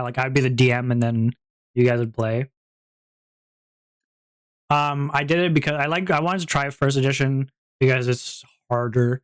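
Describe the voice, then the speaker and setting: A man's voice: medium pitch, clean tone. A man streamer chatting casually with his viewers, rambling, with many fillers and restarts. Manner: laughs at his own jokes.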